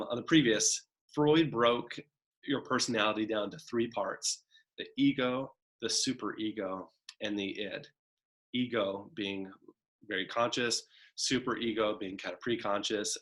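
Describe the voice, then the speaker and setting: A man delivers a recorded college psychology lecture with a somewhat low voice. He talks casually, filling his points with "right?" and "kind of" as he walks through slides. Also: fairly even intonation, measured pace, a bit bright. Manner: conversational, frequent "right?" and "kind of" asides; acts out a demanding child's voice in examples.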